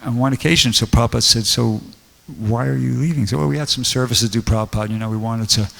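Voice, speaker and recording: A man with a gravelly, creaky voice gives a loose, rambling scripture lecture, full of fillers and restarts. His talk rings out with the long reverb of a temple hall. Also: medium pitch, quick pace, fairly bright tone. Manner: rambling storytelling with many fillers. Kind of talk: casual scripture class.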